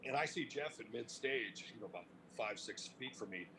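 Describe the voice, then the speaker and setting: A middle-aged man from Cleveland, telling stories in a casual interview, animated and profane, laughing as he talks. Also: medium pitch, brisk, noisy background. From Cleveland, United States. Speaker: interview guest, music industry veteran.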